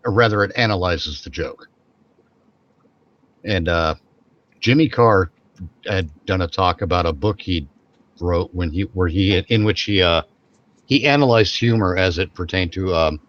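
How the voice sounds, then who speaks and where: A man with a lowish voice talks loosely in a casual podcast chat, circling back over his words and restarting phrases. The recording sounds dull and lo-fi. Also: moderate pace, long pauses, a bit bright. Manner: rambling, repeats and restarts phrases. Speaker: podcast co-host.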